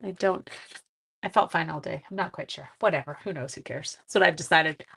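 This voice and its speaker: A woman's voice: deep voice, a little fast, creaky, fairly bright tone, slightly rough. Woman from Canada, stuffy-nosed craft host, chatty and giggly with rambling asides, live demo. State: congested. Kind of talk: live card-making demo and chat.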